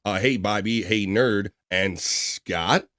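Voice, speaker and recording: A man's voice: on the low side, slow, bright, forceful tone, no room sound, clean studio sound. A man hosting a live stream show, reading the chat aloud and joking loosely as he jumps from one thing to the next. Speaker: livestream show host.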